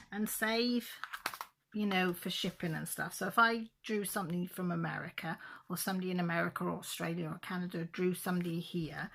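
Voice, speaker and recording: A middle-aged woman talks casually into her camera at home. Her voice is low and gravelly, and she rambles through her story with emotion and frequent restarts. A faint hiss sits under her voice. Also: fairly bright tone. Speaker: diamond painting vlogger. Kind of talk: casual chat.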